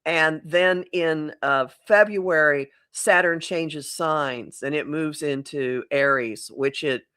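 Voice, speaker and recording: A woman's voice: low voice, slow, a bit bright, smooth. Reflective middle-aged woman astrologer. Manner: reflective, rephrases mid-thought. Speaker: astrologer guest. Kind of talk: casual conversational podcast.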